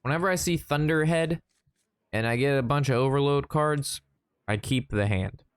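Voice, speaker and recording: A man's voice: mid-range voice, moderate pace, clean tone, no room sound. A young man streaming a card game, chatting casually with playful jokes and mock sportscaster asides. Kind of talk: casual gameplay commentary.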